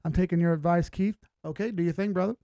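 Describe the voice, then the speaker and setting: Man, livestream host, casual chat, upbeat, high-pitched voice, dry close sound. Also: fairly even intonation, fast, warm tone, no echo, muffled recording. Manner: upbeat, greets viewers by name.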